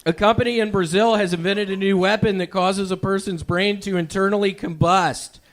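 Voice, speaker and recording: Man, high-pitched, deadpan stand-up, comedy club stage, handheld mic. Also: moderate pace. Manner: deadpan, absurd one-liners. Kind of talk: stand-up set and on-stage banter.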